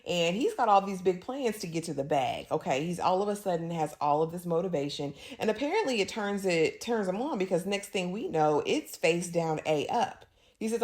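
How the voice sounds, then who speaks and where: A woman with a slightly low voice runs through a TV episode recap in a sassy, chatty way. She slips into quick acted snippets of the characters' lines, keeping a casual, animated delivery throughout.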